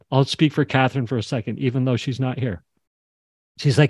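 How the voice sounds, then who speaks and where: A man's voice: mid-range voice, brisk, pauses often, darkish tone, husky, no echo, clean studio sound. A man hosting and coaching an online class, talking in an impassioned way and acting out the dialogue from his stories. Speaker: podcast host and coach. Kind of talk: animated teaching session on a video call.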